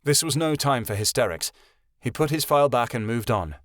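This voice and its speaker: A man narrating a fantasy audiobook in a steady storytelling voice. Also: mid-range voice, a little fast, no room sound, clean studio sound. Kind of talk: scripted narration.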